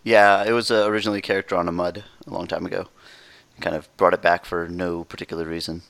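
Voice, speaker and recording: A man chatting casually about video games, relaxed and quick to laugh. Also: sits low, vocal fry, clean tone, dry recording.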